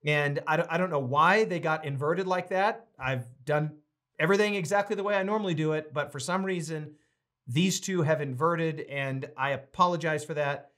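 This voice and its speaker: Upbeat high-voiced pastor hosting a livestream. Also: male voice, normal speed, a bit bright. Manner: upbeat, greets viewers one by one by name. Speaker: pastor and host of a livestreamed reading series. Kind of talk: casual livestream greetings and announcements.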